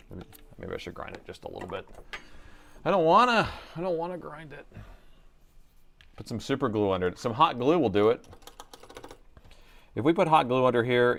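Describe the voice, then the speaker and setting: Low gravelly man chatting at his workbench. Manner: chatty, thinks aloud, mutters to himself while working. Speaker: laptop repair technician streaming live. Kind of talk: casual live-stream commentary while working. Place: repair workbench indoors.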